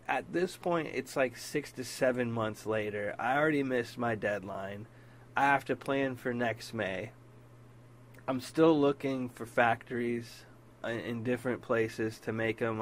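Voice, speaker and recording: A man's voice: medium pitch, slight background noise. A man hosting a casual storytelling podcast, bluntly retelling a dispute, swearing freely and raising his voice when he quotes himself. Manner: voice rises when quoting himself in arguments. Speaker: podcast host.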